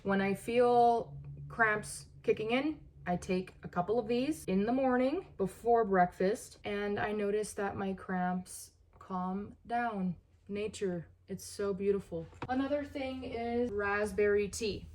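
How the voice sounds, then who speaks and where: Woman wellness vlogger, unhurried and earnest, mid-pitch, lean on repeated pleas. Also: darkish tone, slight background noise. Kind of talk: casual talk to camera.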